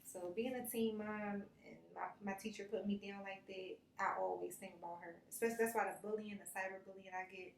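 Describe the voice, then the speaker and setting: A woman's voice: medium pitch, brisk, creaky, few pauses. A young woman as an interview guest, chatting casually and acting out the people in her stories. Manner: animated storyteller, acts out quotes, laughs often. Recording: roomy, distant mic, faint noise.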